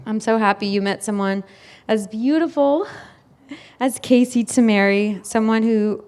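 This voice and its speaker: Young woman giving a wedding toast, slow and a bit high, laughs a lot, close to crying. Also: a little mellow, smooth. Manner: laughing often, emotional, near tears. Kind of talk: wedding speech. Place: wedding reception hall.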